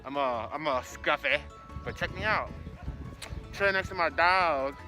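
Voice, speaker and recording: A man vlogging while jogging outdoors with his dog, out of breath, excitable and full of slang. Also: fairly high pitch, unhurried, music in the background. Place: outdoors on a street. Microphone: handheld camera.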